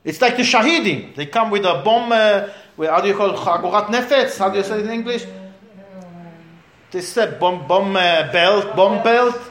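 A man's voice: sits high, normal speed, fairly bright tone, roomy sound. A man, a rabbi giving a Torah class to a small group, talking emphatically and asking rhetorical questions.

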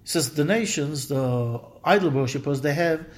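A man's voice: fairly high pitch, normal speed. A man teaching a weekly scripture class, talking in a conversational way, answering students and acting out quoted dialogue. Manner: animated, acts out quoted dialogue with rising emphasis. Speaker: Torah teacher.

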